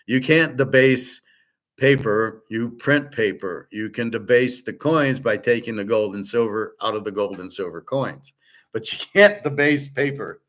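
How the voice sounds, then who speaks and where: A man's voice: medium pitch, a bit bright. A middle-aged man hosting his own show, ranting bluntly and scornfully in an opinionated monologue. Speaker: host.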